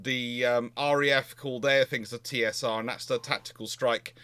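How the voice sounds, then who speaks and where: A male naval historian hosting a casual livestream chat, animated and sarcastic, acting out both sides of the arguments he describes. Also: medium pitch, moderate pace, noisy background. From half Scottish, half Cornish.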